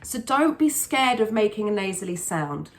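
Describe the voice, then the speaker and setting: A woman's voice: mid-range voice, big pitch swings, moderate pace. A woman vocal coach explaining singing technique in a chatty, patient way, often restarting her sentences.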